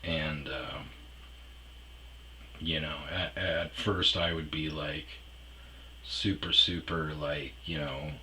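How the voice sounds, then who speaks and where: A man's voice: a bass voice, steady tone, slow, long pauses, bright, forceful tone, a little hiss or hum, poor audio. A man telling a rambling personal story in a casual, profane way, trailing off with fillers. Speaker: storyteller host.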